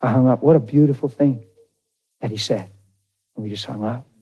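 A man's voice: mid-range voice, moderate pace, dark tone, slightly rough, dull audio. A middle-aged man, a pastor, telling a personal testimony in a sermon in an earnest, conversational way. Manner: earnest, conversational retelling with quoted dialogue.

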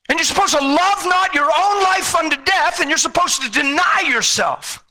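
High, bright, fervent male preacher. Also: expressive, normal speed, hardly any pauses. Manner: fervent, exhorting, builds to shouts then drops low. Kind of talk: sermon.

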